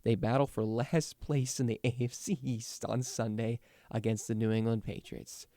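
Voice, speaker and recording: A man's voice: medium pitch, little pitch movement, normal speed, mellow, no echo. A young man hosting his own sports talk show, ranting about his team with frustration and plenty of restarts. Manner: frustrated, rambling, many restarts. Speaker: sports podcast host. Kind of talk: casual fan commentary.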